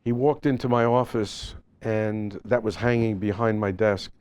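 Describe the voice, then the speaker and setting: Animated joking man giving a seminar. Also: fairly low pitch, unhurried, clear, resonant tone, no echo. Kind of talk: live seminar talk with slides. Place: seminar event space.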